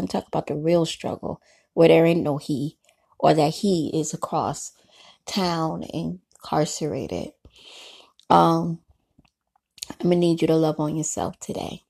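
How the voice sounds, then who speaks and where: A woman's voice: sits low, fairly even intonation, measured pace, vocal fry, dark tone. A woman giving candid, motivational life advice, blunt and emphatic, repeating phrases for stress. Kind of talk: candid motivational talk to camera.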